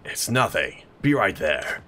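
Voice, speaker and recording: A man voicing a gruff, terse young male yakuza fighter who speaks curtly and lower than usual. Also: measured pace, full character voice. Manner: curt, flat.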